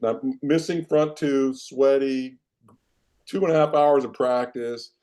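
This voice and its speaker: Mellow-voiced man telling sports stories. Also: mid-range voice, moderate pace. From Iowa, United States. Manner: animated, self-deprecating anecdotes. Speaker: interview guest, former football player and coach. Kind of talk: casual storytelling in a podcast interview.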